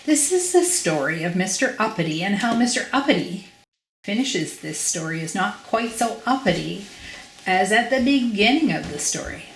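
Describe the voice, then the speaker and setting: An older woman reading a children's storybook aloud, expressive and emphatic. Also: medium pitch, normal speed, reverberant, slight background noise, poor audio.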